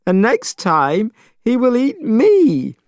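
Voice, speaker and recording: In a studio-quality recording with no echo, a man voices a young, fearful male priest in a storybook, whining and tearful. His delivery is lively and on the high side at normal speed, pitched above his own voice but close to an everyday one.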